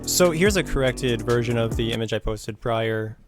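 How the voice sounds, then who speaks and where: A man's voice: medium pitch, expressive, moderate pace, music in the background. A man commenting on images in a probing and skeptical way. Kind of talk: video commentary.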